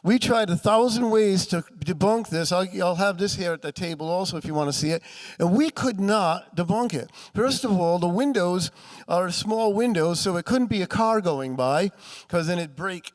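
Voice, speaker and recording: Chatty New man, high voice. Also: moderate pace. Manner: chatty storyteller, acts out quoted voices. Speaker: paranormal author and speaker. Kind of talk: live talk to an audience. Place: festival room with audience.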